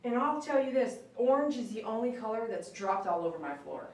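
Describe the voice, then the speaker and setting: Woman groomer, casual and chatty, coaxes the dog in a sing-song tone; mic set back in a boomy room. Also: animated, fairly quick, a little mellow, slight background noise. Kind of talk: casual live-stream chat while grooming. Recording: very echoey room, mic at a distance.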